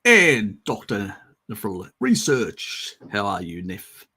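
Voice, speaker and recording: A man's voice: lowish voice, wildly swooping pitch, takes it slowly, pushed and bright, slightly rough. A man hosting a casual live stream, answering viewer questions in a sarcastic, mocking way and often laughing.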